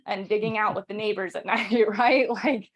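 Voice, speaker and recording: A young woman hosting a casual history talk at a home setup, chatty and quick, with fillers and restarts, reading quotes aloud. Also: mid-range voice, fairly even intonation, dull audio. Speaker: podcast host.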